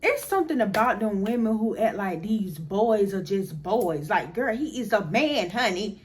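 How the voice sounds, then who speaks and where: A young woman spins a casual storytime for her viewers, talking straight to them. Her delivery is animated and blunt, with plenty of profanity. Her voice sits at an ordinary pitch for a woman. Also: normal speed. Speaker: storyteller vlogger.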